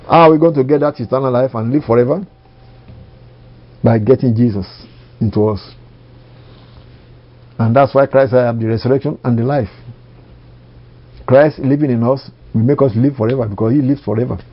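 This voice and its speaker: A man preaching a sermon, reading scripture slowly and with emphasis, repeating key phrases. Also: mid-range voice. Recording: dull lo-fi recording.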